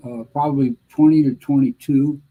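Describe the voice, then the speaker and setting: A man in his seventies, a guest veteran, answering interview questions in a halting, measured way with frequent pauses. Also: mid-range voice, steady tone, narrow, tinny audio, slight background noise. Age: 70s. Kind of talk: conversational interview reminiscing.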